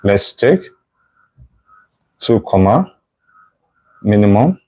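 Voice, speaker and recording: A man's voice: fairly low pitch, sing-song, extremely slow, a little mellow, breathy edge, rough recording. Man thinking aloud through a math lesson. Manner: thinks aloud while sketching, self-correcting, checks in with "right?". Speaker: math tutor. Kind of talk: live online math lesson.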